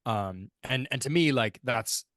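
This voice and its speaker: A man's voice: mid-range voice, animated, measured pace, fairly bright tone, dry recording. A man co-hosting a casual podcast, thinking aloud in a rambling way and restarting his sentences. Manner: thoughtful, rambling with restarts and fillers. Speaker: podcast co-host.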